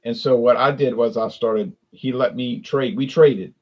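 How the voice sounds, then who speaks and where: A man's voice: mid-range voice, fairly even intonation, unhurried, breathy edge, lo-fi sound. A man from South Louisiana with a South Louisiana accent, rambling through a casual live-stream chat about drinks with lots of restarts and self-corrections.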